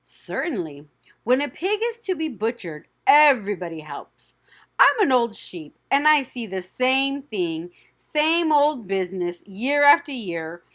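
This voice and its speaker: A woman's voice: fairly high pitch, sing-song, unhurried, a bit bright, pitched above the performer's own voice. A woman voicing a blunt, gossipy old female sheep who talks in a snappish, matter-of-fact way.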